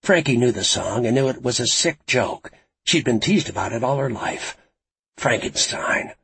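A male narrator reading a tense thriller, his voice very husky and breathy. His delivery is lively, rising and falling with the drama, recorded close and dry with no room sound. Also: mid-range voice, no room sound. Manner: dramatic, expressive storytelling.

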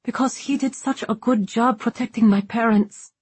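A defiant young heroine with a sharp, sarcastic tongue, as a woman narrator puts her on. Her voice is slow and a little husky, set higher than the reader's own, and the recording is close and dry. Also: dry recording. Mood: bitter, defiant. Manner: biting, sarcastic retorts.

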